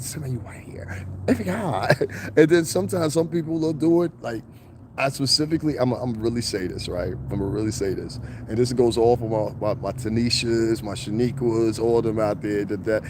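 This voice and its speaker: Middle-aged New York man, profane, animated live-stream talker; mellow, mid-pitched voice. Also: a little hiss or hum. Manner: animated, profane, slips into mocking impressions. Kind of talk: casual live-stream rant. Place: outdoors in falling snow.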